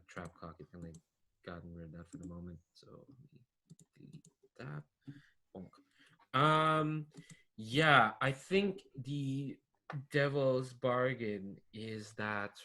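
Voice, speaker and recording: A man's voice: lowish voice, measured pace, sharp tone. A man acting as game master of a tabletop game, thinking aloud casually with many fillers.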